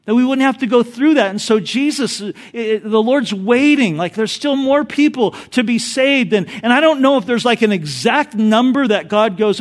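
A male pastor delivering an animated sermon, mixing teaching with a joke story. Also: high voice, moderate pace, few pauses.

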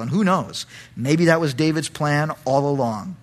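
A man's voice: a little high, expressive, normal speed. A male pastor preaching an expository Bible study, animatedly breaking into dramatic voices for the characters.

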